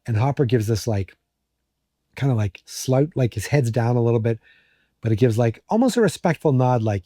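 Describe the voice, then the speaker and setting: A man's voice: mid-range voice, lively intonation, moderate pace, mellow, no echo, studio quality. A man hosting a podcast, recapping an episode in a rambling, joking way with many fillers. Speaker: podcast host.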